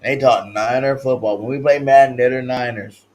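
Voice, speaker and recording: A man from California hosting a livestream sports talk show, slangy and hyped, swinging between loud shouted chants and low mumbled asides. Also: fairly even intonation, normal speed, low-quality recording. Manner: slangy, repeats catchphrases.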